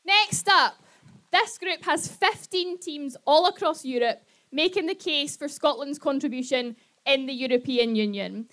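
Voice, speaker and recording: A woman's voice: high-pitched, unhurried, a bit bright. Upbeat woman introducing rally speakers. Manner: upbeat announcing. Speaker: rally compere. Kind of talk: announcements at a rally.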